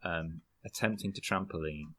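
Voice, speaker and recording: Deep-voiced man telling rambling stories. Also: normal speed, pushed and bright. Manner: rambling, laughing storyteller. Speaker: podcast guest. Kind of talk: casual chat.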